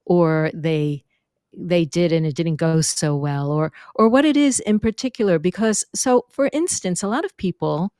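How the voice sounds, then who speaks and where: Recorded close to the microphone in a clean, dry studio, a middle-aged woman who works as a speaking and vocal coach tells stories as a guest in an interview. Her voice is lowish and her pace moderate. She is animated, acts out other people's quotes, and demonstrates vocal fry.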